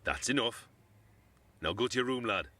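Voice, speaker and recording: An actor playing a stern, impatient uncle who speaks gruffly. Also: male voice, mid-range voice, lively intonation, moderate pace, very noisy, natural voice. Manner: gruff, says "lad" a lot.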